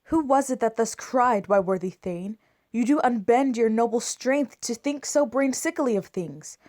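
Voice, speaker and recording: A woman's voice: a little high, lively intonation, normal speed, a little mellow, lightly acted. A woman as commanding, scornful Lady Macbeth. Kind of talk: amateur home-recorded Shakespeare reading.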